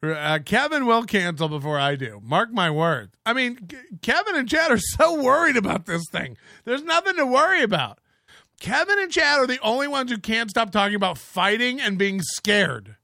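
Excitable male host, mocking and laughing, bright edgy tone. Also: high voice, normal speed, no room sound, studio quality. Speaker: podcast host. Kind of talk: ranting commentary.

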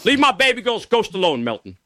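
A man putting on an exaggerated, rushed voice to read out a viewer's message. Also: high voice, very animated, pushed and bright, dry recording, heavily acted. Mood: mock earnest.

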